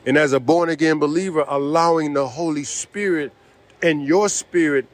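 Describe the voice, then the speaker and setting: A man delivering a sermon in an emphatic, repetitive preaching manner. His voice sits a little higher than most men's, and he keeps tossing in "see" as he drives his points home. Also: normal speed.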